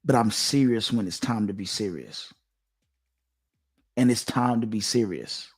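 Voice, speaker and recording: A man's voice: lowish voice, animated, a little slow, breathy edge. A man hosting his own channel, talking straight to his viewers in a lecturing, emphatic monologue that circles back and repeats its points. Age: adult, father of two. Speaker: channel host giving dating commentary. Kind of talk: direct-to-camera monologue.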